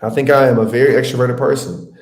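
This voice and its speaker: A man's voice: mid-range voice, fairly even intonation, quick pace, a little mellow. A man teaching a live webinar in a conversational way, often checking in with "okay?" and "y'all.". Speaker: webinar instructor. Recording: echoey room.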